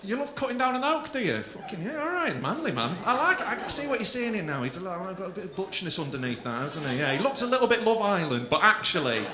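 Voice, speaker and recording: A brash comedian teasing the front row, his high voice leaping around with bursts of swearing. It is recorded on a comedy club stage, and the room rings with crowd laughter. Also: sing-song, quick pace, hardly any pauses, reverberant. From England. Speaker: stand-up comedian. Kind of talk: crowd work stand-up.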